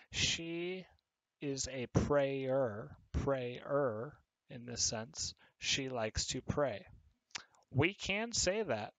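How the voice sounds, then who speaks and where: A man teaching an English lesson to children, explaining patiently step by step with pauses and fillers. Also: medium pitch, a bit bright, dry recording. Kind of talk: recorded online English lesson.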